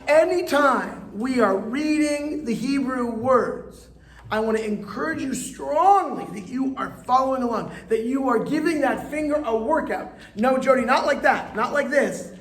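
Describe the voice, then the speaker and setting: This rabbi's voice is extremely high-pitched, and he speaks at a measured pace. Teaching live in a classroom, he's chatty and playful, drawing answers out of his students, while the echoey space carries faint ambient noise.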